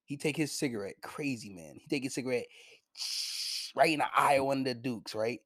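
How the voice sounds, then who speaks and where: A young man reviewing anime in a casual vlog, with a slangy, profane, animated retelling and frequent laughs. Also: medium pitch, a little fast, no room sound, clean studio sound. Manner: laughs often.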